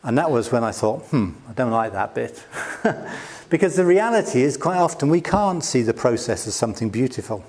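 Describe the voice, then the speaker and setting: A man's voice: mid-range voice, sing-song, a little fast, a little mellow. British man, middle-aged pastor, sermon, conversational, self-deprecating, laughing often. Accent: British English. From Britain.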